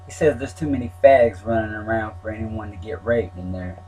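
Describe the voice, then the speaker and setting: A man's voice: fairly low pitch, a little fast, darkish tone, soft background music, low-quality recording. A man reading his own story aloud in a plain, wry telling. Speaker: memoir narrator.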